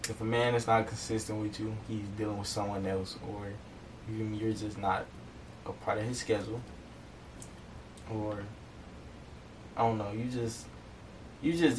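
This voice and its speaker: A man co-hosting a podcast in casual chat, laid-back, often asking "you feel me". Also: on the low side. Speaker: podcast co-host. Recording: distant mic with clear background noise.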